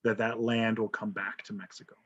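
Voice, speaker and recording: A man teaching history online keeps it casual, joking around and asking "right?" to check in. He speaks a little fast with a fairly low pitch, flat delivery, and a bit of brightness. The video call audio is dull and lo-fi.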